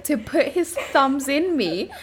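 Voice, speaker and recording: A woman's voice: high voice, big pitch swings, takes it slowly, a little hiss or hum. A young woman, co-hosting a casual chat in a frank, giggly, teasing way. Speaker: podcast co-host.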